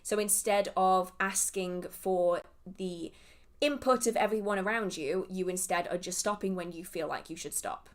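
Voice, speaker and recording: Hosting a casual livestream, this young Englishwoman with a southern accent takes viewer questions about witchcraft. Her voice is lowish and her pace moderate, and she chats and rambles, wandering onto tangents.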